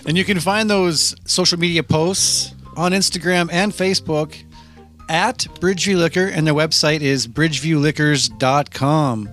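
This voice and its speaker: A man's voice: a little high, steady tone, normal speed, fairly bright tone, soft background music. Man co-hosting a beer podcast. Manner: joking, reads ad copy plainly. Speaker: podcast co-host. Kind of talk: casual podcast chat.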